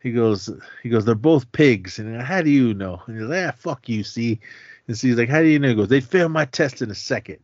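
A man co-hosting a podcast speaks in an animated, slightly mellow mid-range voice at normal speed, narrating a film's plot and belting out the characters' lines with a chuckle. It's a dry, slightly dull lo-fi recording.

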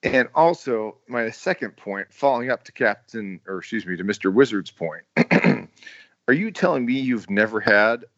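A man with a low voice co-hosting a movie podcast, teasing and playfully grilling his friends. His audio sounds dull and very dry. He talks loosely and conversationally. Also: lively intonation, normal speed, fairly bright tone, dry recording. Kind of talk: casual movie-review chat.

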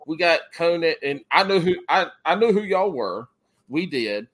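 A man's voice: fairly high pitch, big pitch swings, fairly bright tone, slightly rough. A man, a podcast host talking in loose, profane, rambling casual chat. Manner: rambling, profane, quick to laugh.

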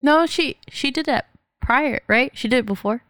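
A young adult woman in casual chat who laughs often and tells stories quickly and with animation. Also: high-pitched, a bit bright, no room sound.

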